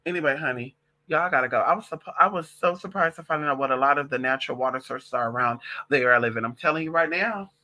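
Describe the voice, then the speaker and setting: A woman's voice: a bass voice, quick pace. A transgender woman vlogging in a casual monologue, sassy and profane, calling listeners honey and girl as she tells stories. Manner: animated gossipy storytelling. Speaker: vlogger and witch.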